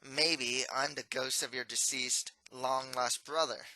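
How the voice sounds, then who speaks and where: A man's voice: medium pitch, fairly even intonation, slow, bright, forceful tone, rough recording. A man voicing a sarcastic, teasing young male ghost who talks through his nose, read from a storybook. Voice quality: nasal.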